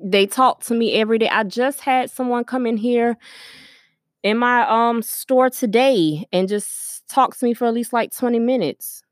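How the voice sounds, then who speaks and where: A woman's voice: a little high, moderate pace, dry recording, studio quality. A young woman hosting her own podcast, talking through her thoughts in an earnest, reflective way, full of ums and you-knows, while recording at her workplace store. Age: young adult. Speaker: podcast host. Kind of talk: casual solo podcast monologue.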